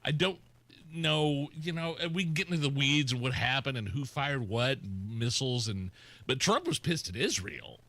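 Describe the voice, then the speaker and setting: A man co-hosting a talk radio show, laughing and animated, poking fun with stammering impressions. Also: mid-range voice, moderate pace, dry recording. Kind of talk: casual talk radio banter. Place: radio studio.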